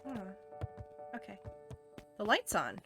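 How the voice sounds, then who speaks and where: A woman's voice: mid-range voice, big pitch swings, slow pace, sharp tone, soft background music. A woman giving casual, chatty commentary while playing a story game. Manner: chatty, reacts aloud. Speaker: gaming streamer. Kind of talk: casual let's play commentary.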